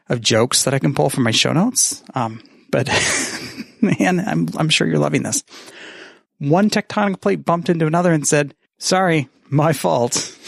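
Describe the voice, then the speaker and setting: A man with a gravelly, creaky voice at an ordinary pitch, talking casually and rambling, mocking himself and swearing freely. The sound is dry and close. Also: no echo. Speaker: podcaster sending a message. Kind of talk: casual recorded message.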